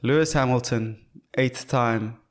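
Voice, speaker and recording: A man's voice: medium pitch, measured pace. Joking, profane man. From South Africa. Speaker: podcast co-host. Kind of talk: casual chat.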